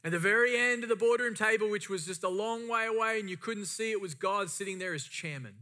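Middle-aged male pastor, bright tone, impassioned sermon delivery. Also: high-pitched, fairly quick. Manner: impassioned, rising and falling emphasis.

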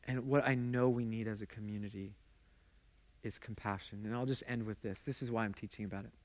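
A man's voice: lowish voice, fairly even intonation, a little fast. A man preaching a sermon as pastor, telling stories with passion and asking the congregation questions. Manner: conversational, engages the congregation with questions; impassioned storytelling.

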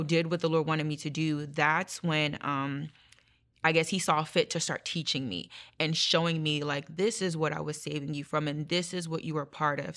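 A woman giving a personal faith testimony in an interview, telling her story earnestly and acting out what she said and thought. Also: sits low. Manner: earnest, animated storytelling with acted quotes. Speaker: guest sharing testimony.

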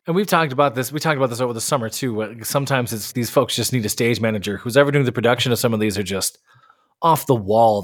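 A man co-hosting a casual podcast, talking in exasperated, ranting bursts. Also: medium pitch. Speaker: podcast co-host. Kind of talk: casual chat.

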